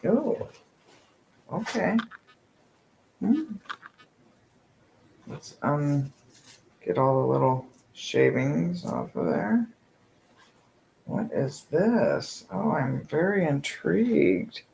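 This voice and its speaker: Man, unboxing chat, gravelly voice, slow delivery, whispered asides, faint background hiss. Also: a little high, huge pitch swings, darkish tone, poor audio. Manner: gushing, breathy exclamations, frequent whispered asides. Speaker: vlogger unboxing subscription boxes.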